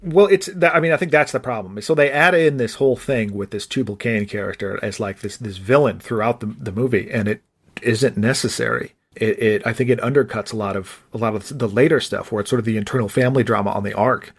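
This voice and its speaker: A man's voice: lowish voice, brisk, husky. A man co-hosting a podcast in casual chat, rambling and thinking aloud with restarts. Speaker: podcast co-host.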